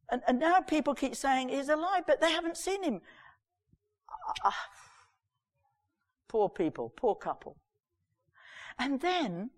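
A woman giving a sermon, reading scripture and retelling it with lively, chatty asides. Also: mid-range voice. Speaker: preacher. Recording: long reverb of a large hall.

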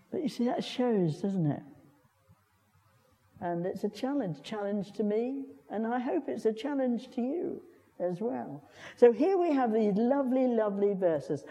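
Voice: mid-range voice, mellow. An older preacher gives a chatty sermon, repeating words and putting questions to the congregation. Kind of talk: conversational sermon. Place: church. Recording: long church reverb.

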